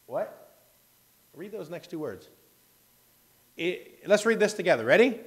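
A male pastor preaching a sermon in a church over a microphone. He rambles with self-mocking humor, and his loudness swings from hushed asides to loud bursts. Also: high-pitched, sing-song, measured pace, pauses often.

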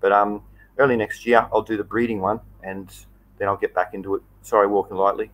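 An Australian man with a fairly low voice hosts a relaxed live stream. His talk is loose and rambling, with plenty of filler and friendly asides to his viewers. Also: fairly quick, poor audio. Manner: chatty, easygoing, loose and rambling. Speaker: livestream host. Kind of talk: casual live chat.

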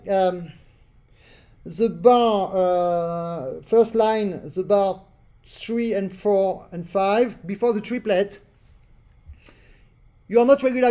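A man with a high-sitting, dark-toned voice speaks slowly while teaching accordion remotely. In non-native English, he corrects his student and sings rhythms on syllables as part of the lesson coaching.

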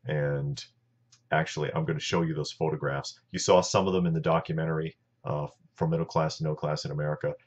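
Deep-voiced man telling a story. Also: flat delivery, fairly quick. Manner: plainspoken, recounts events step by step. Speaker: show host. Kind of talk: personal storytelling talk. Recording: dull lo-fi sound.

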